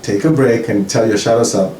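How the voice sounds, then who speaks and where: A man explaining spiritual ideas in casual talk, animated and acting out little scenes in different voices. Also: medium pitch, a little fast. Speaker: spiritual teacher. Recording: roomy, distant mic, faint hiss.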